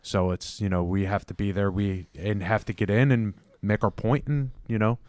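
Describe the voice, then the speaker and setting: A man co-hosting a sports talk show on the radio, speaking haltingly and leaning on fillers. His low, flat voice barely rises or falls, and it sounds dry and close on a studio microphone. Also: no echo.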